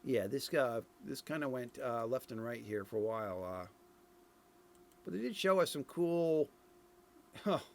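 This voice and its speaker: A man's voice: medium pitch, lively intonation, normal speed, vocal fry. A middle-aged man from Ireland giving casual commentary on game footage, thinking aloud with many fillers and restarts. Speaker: streamer reviewing game dev footage.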